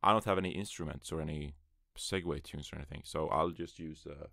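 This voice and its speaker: Recording with a USB mic in a small closet, a man runs his first solo esports podcast, offhand and rambling, with self-deprecating asides. He speaks fairly quickly in an extremely low voice with vocal fry that is pushed and bright. The studio sound is clean and free of echo.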